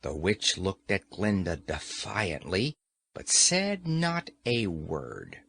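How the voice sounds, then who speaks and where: A man narrates a classic novel at an unhurried, measured pace. His pitch moves freely and expressively through each sentence. It is scripted audiobook narration. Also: huge pitch swings, vocal fry, fairly bright tone, slightly rough.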